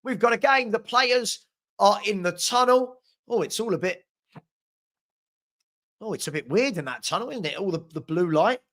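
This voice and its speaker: A man's voice: sits high, lively intonation, moderate pace, long pauses, fairly bright tone. A young man hosting a live football watchalong, reading out viewer comments with sarcastic banter. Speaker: fan channel host.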